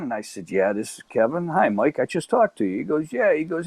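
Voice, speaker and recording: A man's voice: medium pitch, fairly quick, few pauses, dry recording. A man with a Chicago accent telling a comic story as a podcast guest, stammering and acting out the people in it. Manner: animated storyteller, acts out voices, stammers and repeats.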